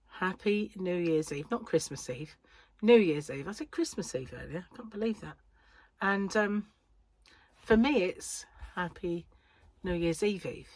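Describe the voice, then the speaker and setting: A woman's voice: fairly low pitch, darkish tone, dry recording. A British woman rambling in casual chat to camera as a crochet vlogger, talking from a corner of her home. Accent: British English. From United Kingdom. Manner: rambling, chatty, self-interrupting. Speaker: crochet vlogger and yarn shop owner.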